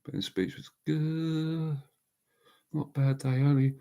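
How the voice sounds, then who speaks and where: A man's voice: fairly high pitch, little pitch movement, slow, dark tone. A man hosting a casual live chat, talking bluntly in a rambling way and answering viewers by name. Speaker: livestream host.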